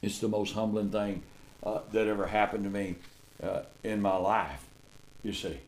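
An older male preacher with a fairly low voice delivers a sermon. He booms out key words, then drops to soft, folksy asides. His phrasing is drawn out and repetitive, broken by stammered restarts. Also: steady tone, normal speed, a little hiss or hum. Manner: emphatic, folksy, swings between loud declaiming and quiet asides.

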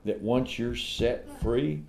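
A middle-aged male preacher delivering an impassioned sermon, swinging from loud declarations to hushed asides and repeated rhetorical questions. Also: medium pitch, slow pace, gravelly.

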